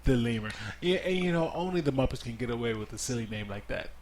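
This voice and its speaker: A middle-aged man hosting a relaxed family movie review podcast, easygoing and steering the talk with guiding questions. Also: medium pitch, fast, heavy background noise. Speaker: podcast host interviewing his child.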